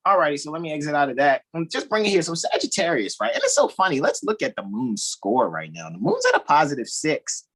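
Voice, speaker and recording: A man with a husky, slightly breathy voice talks astrology over a video call. His pitch leaps and swoops as he explains. He speaks in a loose, animated way, often laughing. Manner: animated, laughing, thinking aloud. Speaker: astrology co-host. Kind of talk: casual astrology talk.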